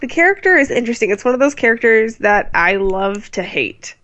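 A woman hosting a podcast in casual chat, animated and opinionated, quick to launch into a rant. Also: fairly high pitch, highs cut off. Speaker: podcast host. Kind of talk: casual chat, TV episode discussion.

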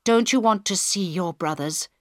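A woman reading the part of a female prime minister in a crisis, loud, urgent and commanding. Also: on the low side, normal speed, no echo, clean studio sound, close to an everyday voice.

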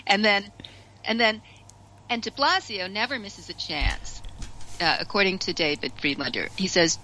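Bright-voiced woman chatting on radio. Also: medium pitch, moderate pace, slight background noise, rough recording. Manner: chatty, hesitant restarts, laughs often. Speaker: radio guest commentator. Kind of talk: casual radio discussion.

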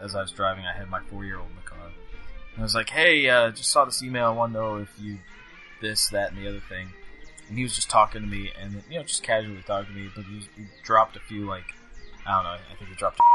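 A man in his thirties co-hosts a casual podcast, rambling through jokey stories with lots of fillers. His voice sits low but sounds very bright and sharp. Faint music runs underneath. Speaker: podcast co-host. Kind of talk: casual chat.

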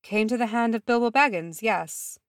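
A woman voicing a composed, elegant male elf envoy who speaks in a measured, formal way. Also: a little high, dry recording, clean studio sound, voice pushed up, close to an everyday voice.

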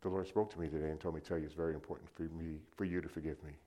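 A middle-aged man preaching a sermon, telling a personal story and swinging from loud calls to the crowd to hushed, quiet lines. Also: extremely low pitch, fairly even intonation, very fast.

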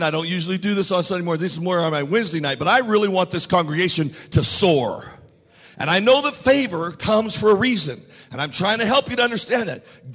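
A man's voice: high-pitched, fairly bright tone, big-room sound. A man, the pastor, preaching a sermon to his congregation and leading call-and-response. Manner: preaching with rising intensity and call-and-response prompts. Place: church sanctuary.

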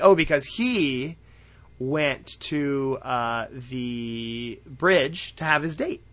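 A man's voice: medium pitch, expressive, slow pace, creaky, fairly bright tone. A man co-hosting a podcast, casually recapping an episode in a rambling way with frequent fillers and swearing. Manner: rambling, acts out characters, swears freely. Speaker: podcast co-host.

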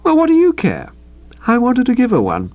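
A man voicing a haughty young upper-class Englishman who talks in high, clipped bursts. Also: huge pitch swings, normal speed, no room sound, muffled recording, heavily acted. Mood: curt. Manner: haughty, slightly apologetic.

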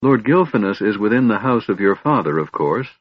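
Audiobook role: a man doing a soft-spoken quiet young woman, low husky read, dry dull sound. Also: sing-song, a little fast, no room sound. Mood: calm. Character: pale quiet young woman, calm guide. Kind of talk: audiobook reading.

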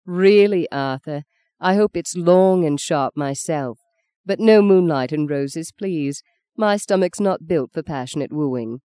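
A reader voicing Justine, a cool, self-possessed young woman with a crisp, dry, teasing manner. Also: mid-range voice, measured pace, dark tone, no echo, lightly acted. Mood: brisk.

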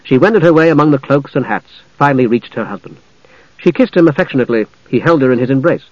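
A man narrating a fantasy novel in a measured, even storytelling manner. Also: medium pitch, no room sound, muffled recording. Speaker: audiobook narrator.

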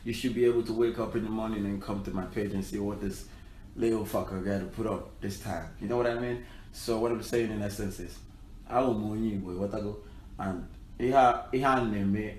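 A man's voice: lowish voice, darkish tone, roomy sound, slight background noise. A man with a Nigerian accent, a musician giving brash, profane, playful advice in a casual vlog.

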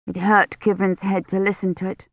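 Audiobook narrator, woman, measured delivery, mid-range voice, dry dull recording. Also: mid-range voice, flat delivery, creaky, no room sound. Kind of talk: scripted narration. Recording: dull, slightly muffled studio audio.

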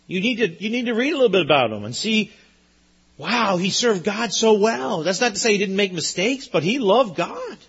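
Husky, bright-voiced preaching man. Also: high-pitched, lively intonation, moderate pace, highs cut off. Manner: earnest, emphatic preaching with repetitions. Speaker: pastor. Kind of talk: sermon.

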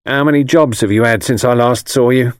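A man's voice: mid-range voice, brisk, dry recording, clean studio sound, lightly acted. A male audiobook reader voicing a stern, disapproving middle-aged mother who speaks in clipped, reproachful phrases. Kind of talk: audiobook character voice.

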